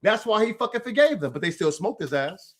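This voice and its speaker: High-voiced man ranting, profane and heated. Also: big pitch swings, brisk. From United States. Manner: addresses an absent rival directly. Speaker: political commentary host. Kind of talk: livestream rant.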